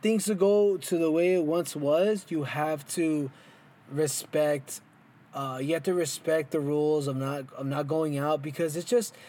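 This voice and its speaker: A man's voice: fairly high pitch, fairly even intonation, measured pace, dark tone. A young man co-hosting a casual podcast, rambling with many fillers and joking with his partner, recorded indoors in a car. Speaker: podcast co-host. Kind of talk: casual chat. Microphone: headphones and mic.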